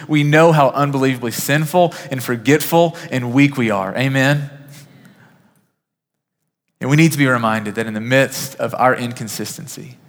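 A man preaching a sermon as pastor, earnest, naming listeners one by one, building to emphatic peaks and dropping to a soft hush. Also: a little high. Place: church sanctuary. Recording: reverberant church hall.

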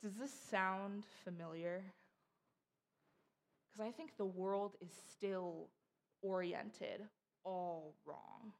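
A woman's voice: medium pitch, very slow, pauses often. A young woman giving a casual, chatty sermon, acting out voices as she tells stories. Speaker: preacher.

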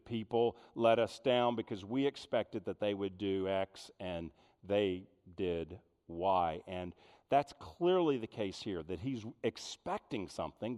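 A man preaching a sermon in an animated way, full of rhetorical questions. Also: fairly low pitch, long reverb tail. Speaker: pastor.

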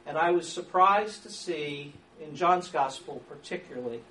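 A man teaching a church class on counseling, lively and acting out sample questions, with an occasional chuckle. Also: on the high side, moderate pace. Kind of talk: church training lecture. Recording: echoey room from far off, faint hiss.

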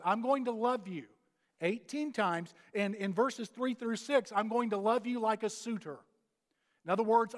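A man preaching a sermon, pressing his points with repeated phrases and pauses. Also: high-pitched. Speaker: pastor. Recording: long hall reverb.

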